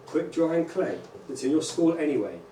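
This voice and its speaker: A man's voice: on the high side, moderate pace. Man lecturing in an echoey hall. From England. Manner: lively, checks in with frequent "right?" and "okay?". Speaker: rabbi teaching teachers. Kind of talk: conference lecture. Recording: echoey hall, distant mic, faint hum.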